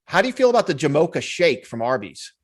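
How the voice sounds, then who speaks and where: High, lively-voiced joking man. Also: quick pace, slightly rough. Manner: rambling, jokey storytelling. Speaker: podcast co-host. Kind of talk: casual chat.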